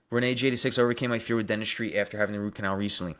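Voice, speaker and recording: A young man with a Long Island accent talks to his live stream audience. His voice sits a little low, and he reads viewers' names off the screen before answering each comment in a loose, casual way. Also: fairly even intonation, rapid-fire, fairly bright tone, clean tone. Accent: Long Island New York. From Long Island, New York. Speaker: dentist livestream host.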